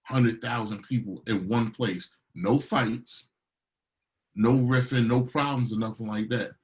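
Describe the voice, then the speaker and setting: Middle-aged male DJ, mid-pitched voice, casual and lively storyteller, an interview guest. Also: measured pace, poor audio. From Baltimore. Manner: animated storyteller, acts out quotes.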